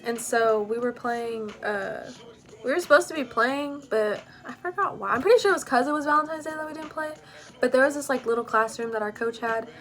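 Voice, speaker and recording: Young woman, storytime vlog, rambling and casual, slightly high voice, faint music underneath. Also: brisk, a bit bright. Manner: rambling, full of "like" and "you know".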